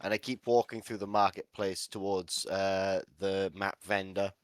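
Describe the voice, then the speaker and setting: A man's voice: low-pitched, flat delivery, unhurried, clean tone, no room sound. A man playing a tabletop game, talking casually and offhand. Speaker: player.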